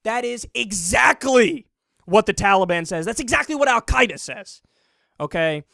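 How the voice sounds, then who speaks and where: A man rants through political commentary with biting sarcasm, often mimicking the people he mocks. His voice sits high with a gravelly edge, and at times he pushes toward an angry shout. The sound is dry and close, with no room echo. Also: expressive, normal speed. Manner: sarcastic, mocking, mimics opponents in put-on voices; grows loud and angry, near shouting.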